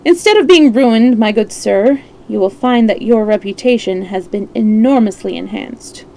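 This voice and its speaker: A woman voicing a confident, theatrical male detective in a measured, showy way. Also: on the high side, creaky, warm tone, low-quality recording. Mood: wry.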